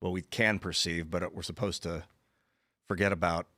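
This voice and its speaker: A man with a low but bright, forceful voice co-hosts a casual podcast, musing in a laid-back, mystical way. His voice is close and dry in the studio. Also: little pitch movement, moderate pace, dry recording. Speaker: co-host.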